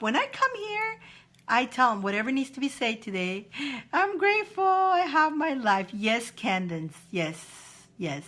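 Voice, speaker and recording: A woman's voice: on the high side, a bit bright. A woman hosting a live-stream spiritual advice chat, encouraging viewers with repeated phrases and reading out their comments. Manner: repetitive, encouraging, reads viewer comments aloud.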